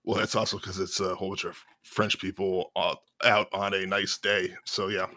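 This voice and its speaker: Low-voiced man, wry and informed, dry deadpan humor, dry close sound. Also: normal speed, no echo. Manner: wry, knowledgeable, deadpan jokes. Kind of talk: casual chat.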